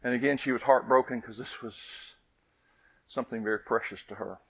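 A man preaching a sermon, telling a family story with lively rises and soft, hushed endings. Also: mid-range voice, brisk, vocal fry, breathy edge, no room sound.

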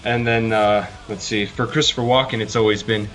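A man's voice: lowish voice, steady tone, brisk, soft background music. A man hosting a podcast, chatting casually and breaking into silly voices. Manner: playful, jumps into loud silly voices. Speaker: podcast host. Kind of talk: casual chat trying out celebrity impressions.

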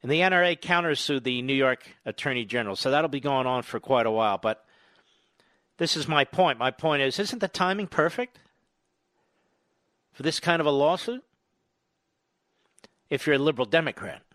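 A man's voice: mid-range voice, animated, moderate pace, long pauses, a bit bright, no echo. A man hosting a radio talk show, delivering an opinionated, indignant and sarcastic monologue into a studio microphone.

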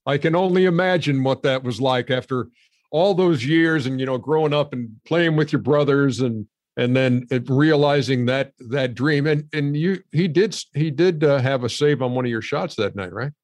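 A man co-hosting a podcast, asking questions in a halting, casual way. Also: mid-range voice, a little mellow, no echo. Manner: halting, laughs along. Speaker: podcast co-host. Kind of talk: casual interview chat.

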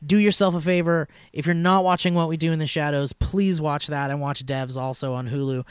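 A man's voice: on the high side, fairly even intonation, brisk, clean tone, dry recording, studio quality. A man hosting a podcast over a video call, chatting casually and enthusiastically with some swearing. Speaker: podcast host. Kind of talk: casual chat.

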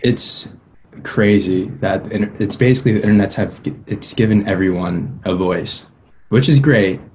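A young man with a very low, deep voice, answering easily as a guest musician and laughing often. Faint noise hums under the talk. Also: normal speed, darkish tone, low-quality recording. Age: young adult. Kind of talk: casual interview chat.

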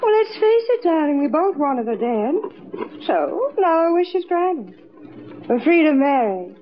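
A woman's voice: high-pitched, big pitch swings, a little slow. An actress playing a scheming young woman in a 1940s radio drama, cooing and sweetly sly. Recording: dull old radio broadcast with faint hiss.

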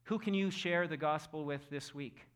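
A middle-aged male pastor preaching a sermon in a church, impassioned, who acts out quotes loudly. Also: a little high, moderate pace, smooth. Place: church auditorium.

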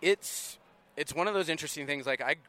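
Bright-voiced easygoing man in his thirties. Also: a little high, brisk. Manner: easygoing, restarts sentences, laughs easily. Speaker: podcast host. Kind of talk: casual interview chat.

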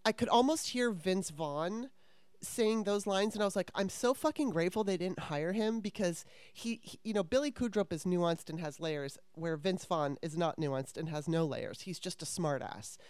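A woman's voice: lowish voice, moderate pace, a little mellow, clean tone, no echo. A woman in her fifties hosting a podcast, telling a story in casual chat with a candid, profane and rambling manner. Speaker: podcast host.

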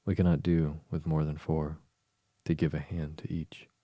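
A man reading the part of a sly, greedy walrus who coaxes oysters along, in a calm storybook voice. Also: rumbling low, moderate pace, dry recording, dull audio. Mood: coaxing. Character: sly greedy male walrus, falsely tearful.

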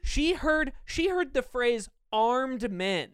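A man co-hosting a podcast, telling stories in casual chat, animated and laughing often. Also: very high-pitched, slow, clean tone, dry recording, clean studio sound. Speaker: podcast co-host.

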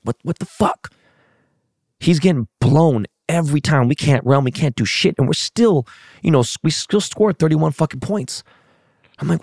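Gravelly-voiced man venting, profane. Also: medium pitch, a little mellow, no room sound, clean studio sound. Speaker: sports fan. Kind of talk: casual rant.

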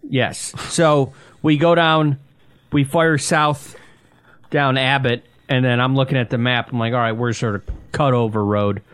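Podcast co-host, a man, mid-pitched, blunt and ribbing. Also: fairly even intonation, unhurried, fairly bright tone, clear, resonant tone, no echo. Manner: blunt, incredulous teasing. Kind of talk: casual sports podcast banter.

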